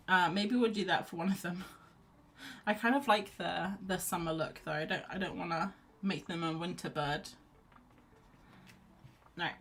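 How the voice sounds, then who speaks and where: A woman's voice: mid-range voice, fairly bright tone, slight background noise. A woman hosting a casual live painting chat, chatty and self-deprecating, laughing often. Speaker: art livestream host.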